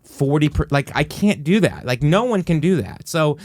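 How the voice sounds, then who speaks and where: A man's voice: on the high side, normal speed, dry recording, studio quality. A man hosting a podcast in casual comedic chat, telling stories animatedly and acting out quotes. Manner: animated storytelling, acts out quotes. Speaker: podcast host.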